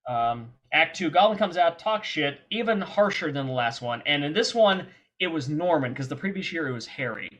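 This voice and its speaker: A man telling stories as a podcast guest, animated and freely cursing. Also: fairly high pitch. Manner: animated, profane, quick anecdotes. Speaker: guest filmmaker and performer. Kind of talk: casual storytelling.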